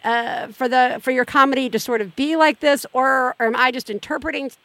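A woman's voice: sits high, steady tone, brisk, pushed and bright, no room sound. A woman co-hosting a parenting podcast, chatty and retelling a guest's stories in a casual interview. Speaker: podcast co-host.

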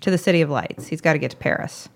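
A woman's voice: deep voice, quick pace. Brief: woman podcast host, casual storyteller, giggles often, chatty and amused.

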